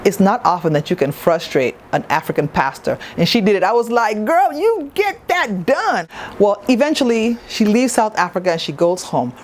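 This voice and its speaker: A woman's voice: on the low side, expressive, a little fast, few pauses, a little mellow. Chatty woman reviewing a TV show. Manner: chatty and playful, with asides to the viewer. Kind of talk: casual review vlog.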